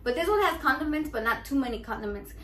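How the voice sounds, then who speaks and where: A woman's voice: high-pitched, animated, fast talker, fairly bright tone. Profane, rambling woman vlogger. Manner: profane, rambling, code-switching with Spanish. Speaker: cooking vlogger. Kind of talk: casual vlog chat. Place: home kitchen. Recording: echoey room, faint background noise.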